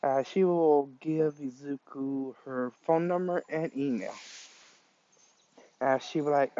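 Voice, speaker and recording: Halting man telling a fan story, slow. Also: a little high, warm tone. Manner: halting, many fillers. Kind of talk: improvised fan story narration. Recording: dull lo-fi recording.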